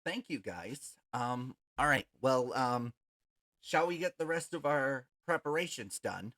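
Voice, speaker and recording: A game master narrating a tabletop game, halting and full of ums. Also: mid-range voice, a bit bright.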